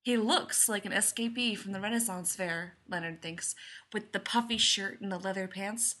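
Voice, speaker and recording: A woman reading a story aloud in a lively, expressive way. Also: mid-range voice, moderate pace. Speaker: reader.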